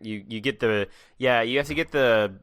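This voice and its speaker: A man co-hosting a casual chat, talking in a wry, halting way with quick jokes and restarts. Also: mid-range voice, a bit bright. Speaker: podcast co-host.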